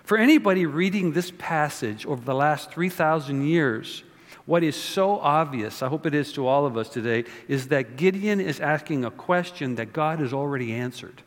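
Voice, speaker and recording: A man's voice: on the high side, lively intonation, normal speed. A pastor giving a conversational sermon, often repeating words and asking his listeners rhetorical questions. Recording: long reverb of a hall.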